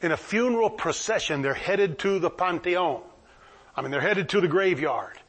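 A man preaching a sermon, retelling stories with lively acted-out voices for the people in them. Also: sits high, normal speed, husky. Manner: animated, acts out the people in the stories. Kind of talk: sermon, storytelling.

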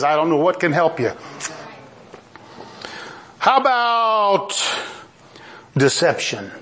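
A man preacher delivering a forceful sermon that rises to shouts, with mocking asides. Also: on the high side.

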